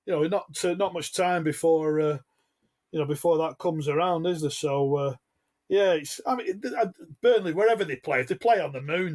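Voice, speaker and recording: Rambling man, higher voice. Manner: rambling, lots of uh and you know. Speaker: podcast co-host, football reporter. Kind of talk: casual football podcast chat.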